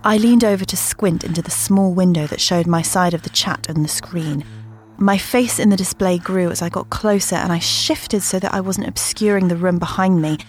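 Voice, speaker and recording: A woman narrating a first-person horror story in a measured storytelling manner. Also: on the low side, steady tone, soft background music.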